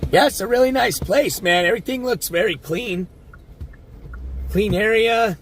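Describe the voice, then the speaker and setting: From the driver's seat, a man live-streams a casual, rambling chat full of swearing, talking straight to his viewers. He speaks at normal speed in a high-pitched, fairly bright voice, with slight background noise.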